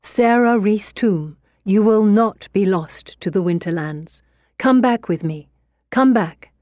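A woman's voice: mid-range voice, slow, dark tone, no echo, clean studio sound, pitched above the performer's own voice, close to an everyday voice. A woman voicing a brave, stern sorceress who speaks in an urgent, commanding way.

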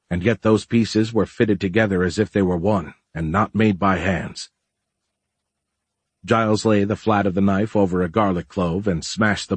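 A man narrating an audiobook in a steady, even-paced way. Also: deep voice, husky, no room sound.

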